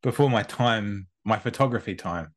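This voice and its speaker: A man co-judging a photo competition on a podcast, describing pictures in an easygoing way with many pauses and fillers. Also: on the low side. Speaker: co-judge. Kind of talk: casual chat.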